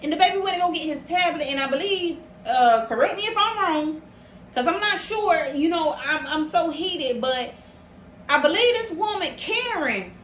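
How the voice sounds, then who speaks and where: A woman's voice: extremely high pitch, animated, moderate pace, fairly bright tone, echoey room, a little hiss or hum. A woman hosting a casual podcast, talking emphatically and repeating phrases for stress as she grows heated. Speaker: podcast host.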